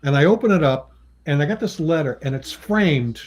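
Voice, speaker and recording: A man's voice: lively intonation, moderate pace, darkish tone. A man, a comic book writer and artist, chatting as a guest and telling anecdotes, often laughing and acting out what people said to him. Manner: chatty, acts out quoted people with pitch jumps; laughs often between remarks. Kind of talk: casual anecdotal storytelling.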